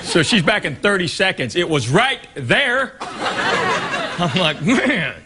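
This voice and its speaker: A man performing a stand-up comedy set on a club stage, telling stories and doing quick voices of the people in them. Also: high voice, sing-song. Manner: storytelling with quick dialogue impressions. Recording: echoey club with loud crowd noise.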